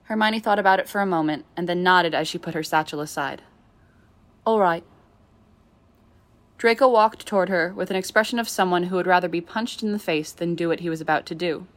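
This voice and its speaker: A woman reading a novel aloud in steady storytelling narration. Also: on the low side, fast talker, few pauses. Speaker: audiobook reader. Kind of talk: scripted narration of a fan novel.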